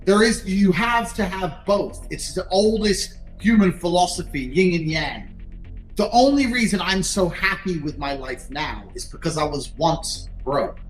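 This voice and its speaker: A man giving a blunt, profane motivational talk in a forceful, lecturing manner. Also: sits high, roomy sound, low-quality recording. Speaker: motivational speaker.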